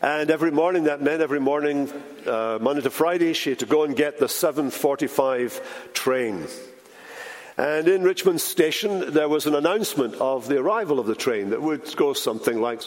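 A man preaching a sermon as pastor, emphatic, slowing down and dropping his voice for weight. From Britain. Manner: emphatic, with dramatic slowdowns and drops in pitch. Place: large church sanctuary. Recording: church hall reverb.

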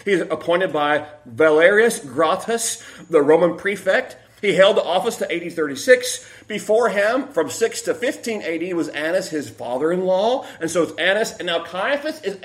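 A male pastor delivers a sermon in a high voice that leaps up and down as he goes. He is animated and plays out the quoted lines with dramatic swings in tone. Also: moderate pace, hardly any pauses. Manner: animated, acts out quotations with sudden swings in voice.

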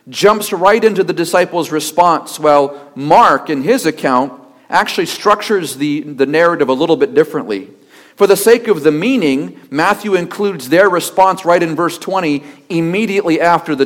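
High-voiced man preaching emphatically. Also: a bit bright. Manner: emphatic preaching with rhetorical questions and repetition. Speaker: pastor. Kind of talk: sermon.

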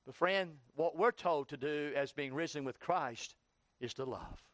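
Male pastor, high voice, fervent sermon delivery, dry close recording. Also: unhurried, no room sound. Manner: preaching with rising, heated questioning. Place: church.

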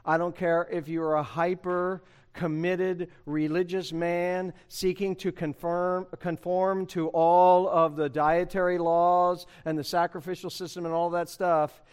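A man's voice: high-pitched, steady tone, measured pace, smooth. A man preaching a sermon, emphatic and conversational, asking the congregation rhetorical questions. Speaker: pastor.

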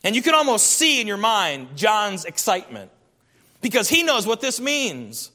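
A man's voice: sits high, very animated, normal speed, pushed and bright. A man preaching a sermon, reading scripture aloud and building emphatic lists of repeated phrases. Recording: long hall reverb.

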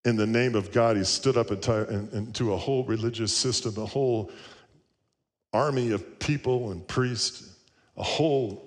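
A man's voice: fairly low pitch, big-room sound. A male pastor preaching a sermon, earnest and storytelling, with rhetorical questions.

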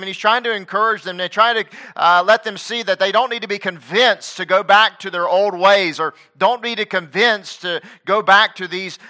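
A man preaching a sermon in a high, ringing voice. He reads scripture aloud, then swings from loud emphatic stresses to hushed asides. His tone stays bright and forward throughout. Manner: reads scripture aloud in King James wording.

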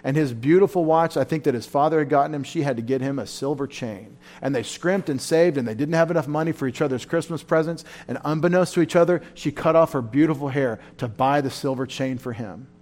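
Male pastor, sermon delivery, fervent and emotional, surges loud then drops low. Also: brisk, few pauses. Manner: fervent, emotional preaching with sudden loud rises. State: tired. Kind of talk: sermon at a Bible study.

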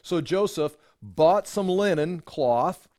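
A man's voice: a little high, lively intonation, slow, a little mellow. Man reading scripture with asides. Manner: reads aloud then adds plain asides. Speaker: Bible teacher.

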